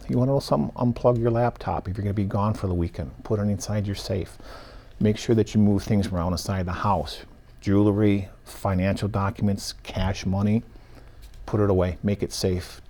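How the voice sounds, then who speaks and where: Deep-voiced man explaining evidence work. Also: darkish tone. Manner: explains step by step in short listed phrases. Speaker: evidence technician. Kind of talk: interview answers.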